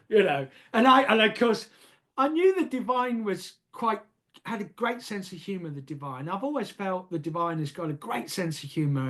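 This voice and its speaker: A man's voice: high voice, a bit bright. An older man from England tells a personal story in a casual interview, hesitant and often repeating words, laughing at himself.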